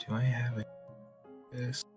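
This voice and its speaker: A man's voice: mid-range voice, flat delivery, a little slow, music in the background. A man playing a tabletop game, chatting casually and hesitantly, stammering. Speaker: player. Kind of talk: casual chat.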